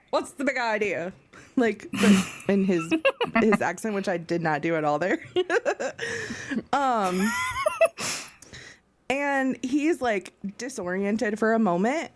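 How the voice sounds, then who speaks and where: Woman game master, laughing narration, slow pace, lots of ums. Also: medium pitch. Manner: laughing, full of ums and likes.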